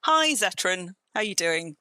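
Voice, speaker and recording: Gaming on a live stream, a southern English woman from England chats in a smooth, medium-pitched voice that's bright and forward, with big pitch swings and a slightly slow pace. She wanders from thought to thought and frequently restarts sentences partway through, all captured dry and close with no room sound.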